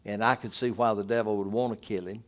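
A man's voice: fairly low pitch, steady tone, quick pace. Emphatic male pastor preaching. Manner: emphatic, rising to forceful repeated declarations. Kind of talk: communion sermon.

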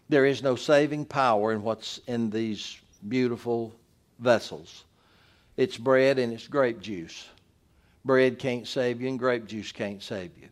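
Male pastor, sermon delivery, emphatic, repeated forceful declarations, mid-pitched voice. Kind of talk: communion sermon.

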